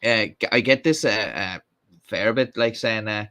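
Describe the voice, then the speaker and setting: A man's voice: fairly low pitch, unhurried, sharp tone. Rambling Irish man reading comments. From Ireland. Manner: rambling, many fillers and restarts. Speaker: live stream host. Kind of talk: casual chat reading comments.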